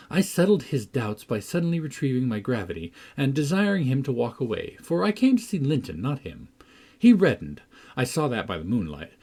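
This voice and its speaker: A spirited young girl recounts her adventures in a classic storybook, read by a man. The voice is husky, and its pitch rises and falls in a lively, animated way. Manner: lively first-person storytelling. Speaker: audiobook reader. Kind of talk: audiobook narration.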